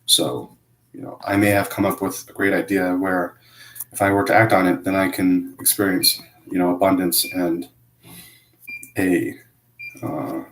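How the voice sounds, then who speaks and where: A man with a notably deep voice talks through a confessional monologue, hesitant and self-critical. He stops and restarts often. The sound carries a roomy echo. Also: slight background noise. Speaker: vlogger.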